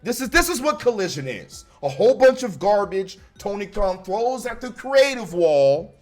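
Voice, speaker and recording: Male reviewer, higher-pitched voice, sarcastic and profane, faint music underneath. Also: very animated, normal speed. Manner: blunt, sarcastic, swears heavily. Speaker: wrestling show reviewer.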